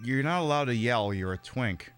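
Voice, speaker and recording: A man's voice: mid-range voice, animated, moderate pace, over music. A man hosting a game stream, rambling and joking casually, swearing freely as he plays. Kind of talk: casual gameplay commentary.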